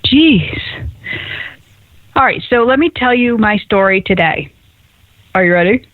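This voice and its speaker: A woman's voice: medium pitch, unhurried, dry recording. A woman hosting a radio call-in show, telling stories in a chatty way and laughing often. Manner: chatty storyteller, laughs often, animated asides. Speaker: radio show host and psychic medium. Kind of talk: casual radio call-in chat. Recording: tinny phone-like radio audio.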